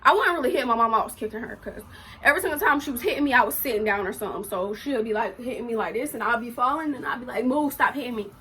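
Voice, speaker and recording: A teenage girl tells a personal story in a vlog, emotional and animated. Her voice sits a little high and sounds bright. Faint noise sits behind her. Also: very fast. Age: teens. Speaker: vlogger.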